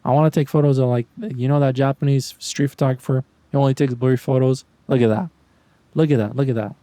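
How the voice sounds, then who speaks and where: A man talks through his photo walk in a loose, joking way, poking fun at himself and playfully daring his viewers. His voice is mellow and relaxed, and it sits close and dry with no room around it. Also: mid-range voice, fast, dry recording. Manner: rambling, self-mocking, playful mock-taunting. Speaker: street photography vlogger. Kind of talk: casual joking commentary.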